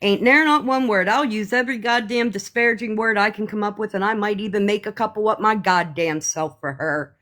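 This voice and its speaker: A woman on a live stream, ranting to her viewers in a heated, profane, sarcastic way, often slowing down to stress her words. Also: medium pitch, a bit bright. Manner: slow emphatic pauses.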